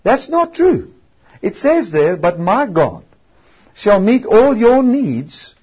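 A man's voice: high voice, very animated, breathy edge, dull audio. A man preaching a sermon, stretching out key words for emphasis and often restarting his sentences. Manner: emphatic, drawn-out stresses, frequent restarts.

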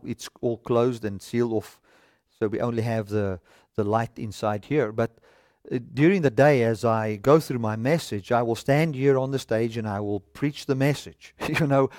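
A man's voice: mid-range voice, a little mellow, no echo. A man preaching a sermon from a studio stage, reading scripture aloud and reasoning through it with rhetorical questions.

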